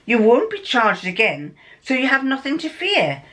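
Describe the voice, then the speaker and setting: An older woman reading out the lines of a calm male detective, in her own voice, tripping now and then over long words. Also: high voice, moderate pace, voice pushed up, heavily acted. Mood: measured. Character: calm, measured male detective giving advice. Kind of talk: reading a story aloud.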